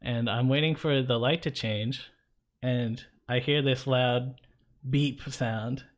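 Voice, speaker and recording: Male co-host, chatty anecdote-teller, average pitch, casual tone. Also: slow pace. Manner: animated anecdote-teller, conversational. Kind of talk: casual storytelling chat.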